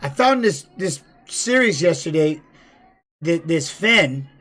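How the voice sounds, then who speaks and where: A man and former fighter chatting casually, telling rambling stories with animated bursts. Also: on the high side, slow. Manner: rambling, animated storytelling with laughs. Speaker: podcast host and former fighter. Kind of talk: casual chat and storytelling.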